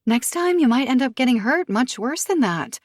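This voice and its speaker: A woman's voice: sits high, animated, moderate pace, no room sound, studio quality, voice pushed up. A woman narrator voicing a spiteful, sarcastic young woman in an audiobook thriller, mocking and cutting. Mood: hostile. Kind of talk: audiobook character voice.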